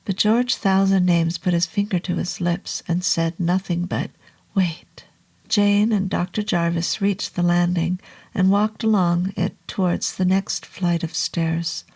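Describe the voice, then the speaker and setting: A woman narrating a horror novel in a slow, low, hushed delivery, at times dropping to a whisper. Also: steady tone, creaky, slightly rough.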